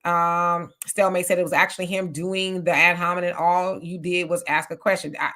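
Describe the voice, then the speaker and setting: A woman hosts a live stream in a bright, forceful voice that sits a little low, reading out viewer comments and answering them on the spot. She talks in a chatty, animated way, jumping in with quick reactions and asides. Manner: chatty and animated, reacting aloud with laughs and exclamations. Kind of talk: casual live chat.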